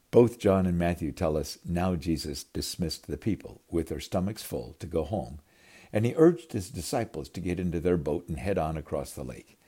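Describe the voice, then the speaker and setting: A man delivers a storytelling sermon in a very low, husky, mellow voice. His pitch swings widely as he dramatizes the scenes. He speaks to his listeners as his friends. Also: expressive, moderate pace. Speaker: preacher.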